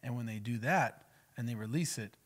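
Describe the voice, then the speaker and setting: A man's voice: medium pitch, normal speed. A man, a pastor, teaching in an emphatic, conversational way on a podcast. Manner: emphatic, acts out spoken prayers.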